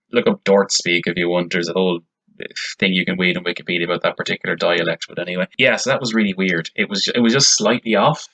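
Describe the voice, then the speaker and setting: Lively Irish lad reviewing films. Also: male voice, sits low, low-quality recording. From Ireland. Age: young adult. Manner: chatty, opinionated, restarts often. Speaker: podcast co-host. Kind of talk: casual film review chat.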